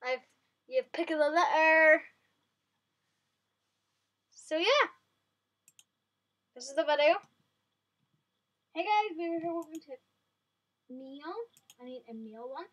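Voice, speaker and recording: Bright, high woman chatting excitedly through a game to her viewers. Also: slow pace, pauses often. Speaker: vlogger. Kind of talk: casual gameplay commentary.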